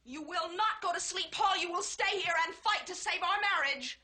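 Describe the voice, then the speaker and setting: A super high bright-voiced young wife, all dramatic and worked up. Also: female voice, expressive, normal speed, heavily acted. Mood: indignant. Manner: indignant and dramatic, close to tears. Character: impulsive, emotional young newlywed wife. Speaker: wife in a marital argument. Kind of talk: 1960s film comedy acting.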